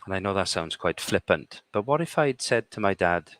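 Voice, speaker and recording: A man's voice: deep voice, expressive, normal speed, hardly any pauses, a bit bright, no room sound. A middle-aged man from the UK, a guest speaker in a live conversation, telling stories and checking in with "okay?". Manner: punctuates points with "okay?". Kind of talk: conversational storytelling.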